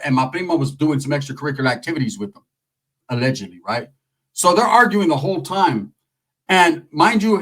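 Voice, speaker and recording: Slightly high-voiced man from Northern California, crude comic storyteller, rambling and slangy. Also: far from the mic, rough recording. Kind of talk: comedic storytelling.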